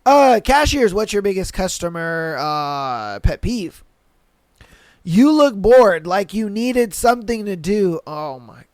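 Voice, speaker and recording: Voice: mid-range voice, very animated, slow, darkish tone, dry recording. A podcast host giving casual commentary on reader posts in loose, slangy talk, swearing freely and acting out annoying customers.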